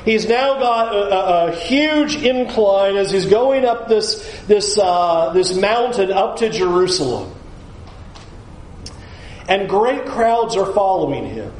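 A male pastor preaches in a high voice, pressing hard on his points and asking listeners to picture what happens. The sound is roomy and echoing, with a faint hiss beneath. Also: expressive, slow. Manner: emphatic, urges listeners to picture the scene. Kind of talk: sermon.

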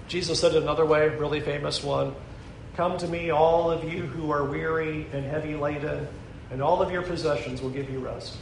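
A man preaching a sermon, earnest, slowing down to stress key lines and dropping to a soft voice at the most important ones. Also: high-pitched, echoey room, a little hiss or hum, poor audio. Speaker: pastor.

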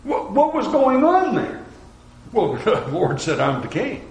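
A male preacher delivers his sermon with a high, very animated voice that leaps up and drops suddenly to a hush as he acts out quoted voices. The recording carries a roomy echo around him. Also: a little slow, creaky.

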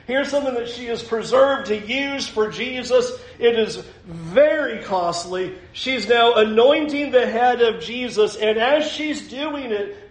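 A male pastor preaching a sermon in a conversational way, talking straight to the congregation with casual fillers. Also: very high voice. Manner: conversational, addresses the congregation directly; uses many fillers and hedging phrases. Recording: echoey room.

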